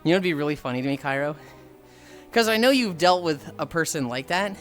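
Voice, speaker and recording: A man's voice: fairly high pitch, a little fast. A man in his late twenties, a streamer swearing freely as he tells stories to his chat. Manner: profane, animated, acts out voices in quotes. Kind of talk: casual storytelling to chat. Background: faint music.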